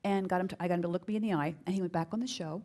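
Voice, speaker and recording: A middle-aged American woman giving a live business workshop to an audience, energetic and emphatic, repeating key phrases for effect. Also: very fast. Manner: acts out quoted voices with big pitch jumps.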